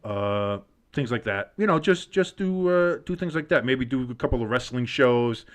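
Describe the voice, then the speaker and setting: Man, New Jersey accent, sports co-host, excitable, rambling, casual live chat. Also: mid-range voice, moderate pace. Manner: excitable, rambling, many restarts.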